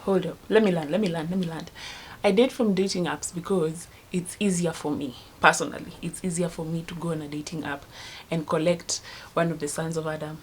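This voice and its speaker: Young Kenyan-accented woman, low-ish voice, rambling casual vlogger who sometimes drops her voice to a hush. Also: fairly even intonation, fairly quick, a little hiss or hum. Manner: chatty, rambling, laughs at herself; drops to a hushed voice at times. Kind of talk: casual storytelling vlog.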